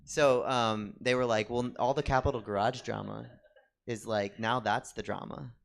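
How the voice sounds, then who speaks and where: A man hosting a casual chat show in front of a studio audience, chatty and gossipy with quick asides. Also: mid-range voice, fairly even intonation, creaky. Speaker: host.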